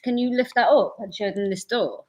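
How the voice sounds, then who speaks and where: A woman's voice: mid-range voice, moderate pace. A woman co-hosting a live paranormal show from a castle room, chatting and giggling with her co-host. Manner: chatty, giggly, warmly teasing. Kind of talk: casual live-stream chat. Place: indoors in a castle room by a fire. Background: crackling fire.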